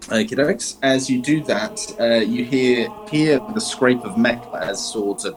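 A man running a tabletop game, his narration meandering and full of restarts. His pitch sits in the middle. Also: measured pace, crowd noise, low-quality recording. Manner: rambling, many fillers and restarts. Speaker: game master.

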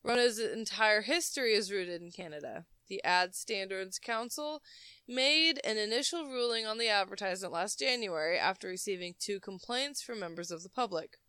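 A woman's voice: mid-range voice, moderate pace, pushed and bright, clear, resonant tone, dry recording, clean studio sound. A woman co-hosting a casual podcast, reading a news article aloud and breaking off with jokes and giggles.

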